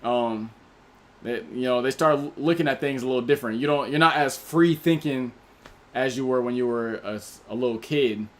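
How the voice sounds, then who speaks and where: A livestream host speaks straight to his chat in a laid-back, slangy manner, running through viewers' names and their choices in turn. He has a typical mid-pitched male voice and keeps a moderate pace.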